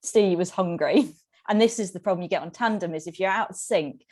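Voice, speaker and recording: A woman's voice: fairly low pitch, a little fast. A woman guest on a podcast telling casual stories, laughing often as she talks. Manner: giggly, animated, often laughs mid-sentence. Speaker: podcast guest, tandem cyclist. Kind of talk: casual storytelling.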